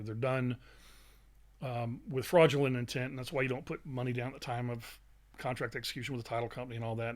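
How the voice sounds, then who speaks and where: Emphatic man coaching on a live webinar. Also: medium pitch. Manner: emphatic, salesy, peppers lines with "okay?". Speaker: real estate investing coach.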